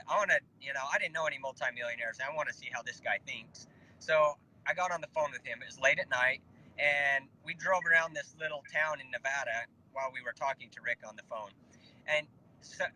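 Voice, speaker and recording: A man casually telling an animated personal story, quoting the people he talked to. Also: fairly high pitch, slight background noise, poor audio. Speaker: network marketing distributor. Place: Facebook Live broadcast.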